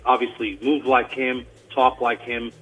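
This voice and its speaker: A man from Australia, a tribute performer, telling a story in a casual radio interview, with an animated delivery full of restarts and a mild Australian accent. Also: medium pitch, measured pace, slightly rough, faint music behind, low-quality recording. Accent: mild Australian, mostly hidden.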